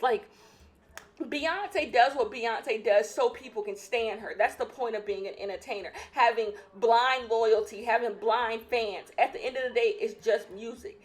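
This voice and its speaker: Opinionated young woman podcaster, emphatic. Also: fairly high pitch. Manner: opinionated, emphatic, repeats points. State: out of breath. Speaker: podcast host. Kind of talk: casual solo podcast chat.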